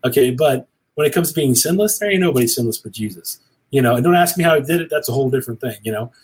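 A man's voice: medium pitch, expressive, very fast, darkish tone, slightly rough, poor audio. A middle-aged man talking earnestly and rambling a little, like a preacher, as a guest on a cigar show. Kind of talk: casual conversation.

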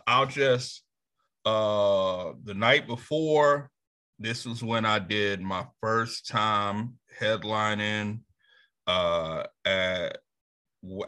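A man's voice: lowish voice, pushed and bright. A man who does stand-up comedy, a guest answering in a laid-back way with many fillers. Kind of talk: casual interview chat.

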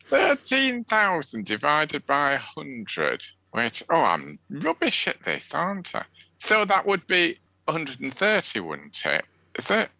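A British man who talks slowly in a bright, clear voice with huge swoops in pitch. He is giggly and fond, often making fun of himself, and the sound is dry and close. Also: huge pitch swings. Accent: British English. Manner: giggly, self-mocking, fond. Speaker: podcast co-host. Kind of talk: casual chat.

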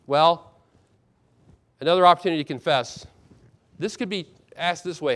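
Expressive man preaching a sermon. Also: fairly high pitch, fairly quick, long pauses, smooth. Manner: expressive preaching, acts out quoted lines with sudden loud and soft turns. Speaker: pastor.

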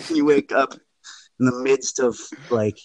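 A man co-hosting a casual chat, joking and swearing in an animated way. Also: medium pitch, moderate pace, no echo, rough recording.

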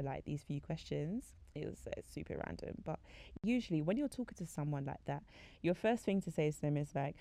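A woman's voice: low voice, brisk, vocal fry, dark tone, no echo. A young woman giving a casual faith-based talk, chatty with many "like" fillers, acting out conversations she recounts. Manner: chatty, frequent "like" fillers, acts out quoted conversations. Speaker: faith podcast speaker.

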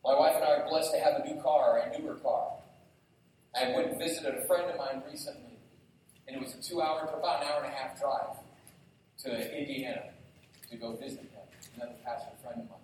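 A middle-aged man preaching a sermon as pastor, telling lively stories with self-mocking humor. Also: medium pitch, fairly quick, recorded from a distance, slight background noise. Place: church sanctuary. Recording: very echoey hall, heard from afar.

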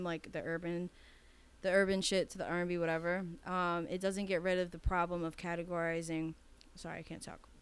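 A woman co-hosts a podcast in candid, casual chat and curses without holding back. Her voice is smooth and clear, and it sits a little low. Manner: candid, swears freely. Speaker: podcast co-host.

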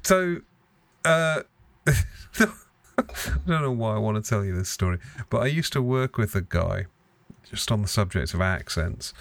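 A man's voice: on the low side, lively intonation, unhurried, gravelly, pauses often, dry recording. Sweary, joking male podcast host. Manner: sweary, self-mocking. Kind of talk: casual chat.

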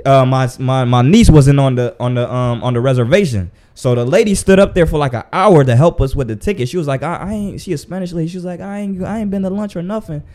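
Young man, from Mali, casual chat, higher voice, animated storytelling, profane. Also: fast, few pauses.

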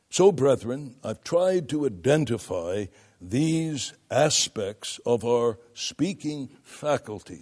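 An older man lecturing on preaching, his speech slow and measured. His pitch rises and falls widely as he leans into emphatic demonstrations. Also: warm tone. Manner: deliberate, emphatic, demonstrates vocal effects. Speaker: preaching instructor.

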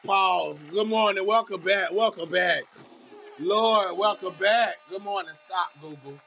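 A man hosting a casual morning podcast, animated and emotional, with preacher-like calls of amen. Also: sits high, a little slow, gravelly. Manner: animated and emotional, laughs often; preacher-like call and response. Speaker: podcast host. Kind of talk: casual morning show talk.

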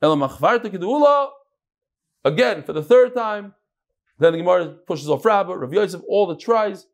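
A man teaching a daily Talmud class, asking questions aloud and mixing untranslated Aramaic and Hebrew terms into his English. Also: moderate pace. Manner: animated, leaps between loud questions and low asides.

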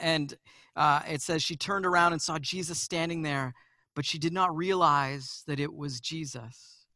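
A man preaching a sermon, earnest and storytelling, dropping soft and slow then rising loud and urgent, often repeating words as he restarts. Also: a little high, no echo, clean studio sound. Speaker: pastor.

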